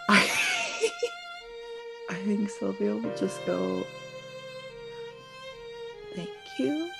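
A woman player describing her character's actions, quiet and thoughtful. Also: medium pitch, little pitch movement, extremely slow, vocal fry, pauses often, over music. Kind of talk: casual tabletop play.

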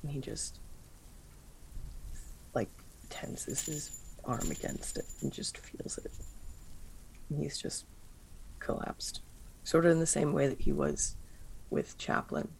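A player describing a character's actions in a tabletop game, in halting speech with restarts. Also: medium pitch, sing-song, vocal fry, darkish tone, slight background noise. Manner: halting, restarts mid-sentence.

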